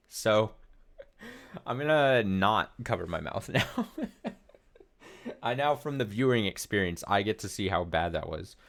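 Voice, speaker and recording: A man's voice: fairly low pitch, lively intonation, measured pace, pauses often, fairly bright tone. A man in his thirties giving rambling, profane let's play commentary full of fillers and restarts. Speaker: streamer.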